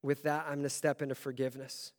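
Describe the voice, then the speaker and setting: A man preaching a sermon as pastor, telling a story with a voice that swells from quiet to loud. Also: mid-range voice, flat delivery, fast talker. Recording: long hall reverb.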